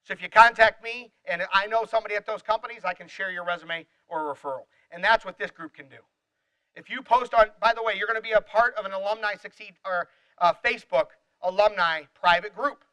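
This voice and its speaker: A middle-aged man giving an energetic motivational seminar talk, addressing the audience directly and acting out little dialogues. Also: high-pitched, fairly quick, muffled recording. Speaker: seminar speaker.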